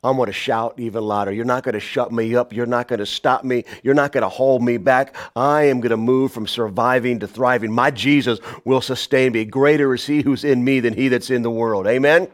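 A pastor preaching a sermon, shouting some lines and dropping to a hushed voice on others. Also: male voice, steady tone, brisk, few pauses. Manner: dynamic preaching, swings from loud shouts to hushed low lines.

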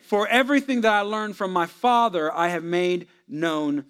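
A pastor preaches a sermon on marriage to his congregation, swinging between loud, animated stretches and hushed asides. His voice sits high and smooth, at a normal speed.

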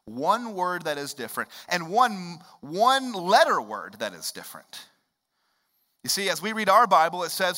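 A man, preaching a sermon in a conversational way that swings up into loud, emphatic rises. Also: sits high, big pitch swings, moderate pace. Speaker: pastor.

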